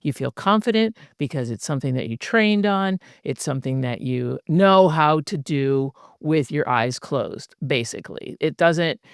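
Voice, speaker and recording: A woman's voice: deep voice, expressive, unhurried, hardly any pauses, no room sound, studio quality. A middle-aged woman hosting a podcast, talking in a reflective, affirming way and summing up what her guest says. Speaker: podcast host. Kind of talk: casual podcast chat.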